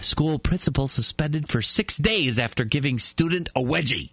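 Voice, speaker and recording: A man with a husky, somewhat high voice reads joke headlines like a mock anchor, his pitch swinging widely as he plays up each punchline. The sound is dry and close, with no room around it. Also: animated, normal speed, a bit bright, no room sound, soft background music. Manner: laughs through his jokes, exaggerated newsreader delivery. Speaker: comedy news anchor. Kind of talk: mock news reading with banter.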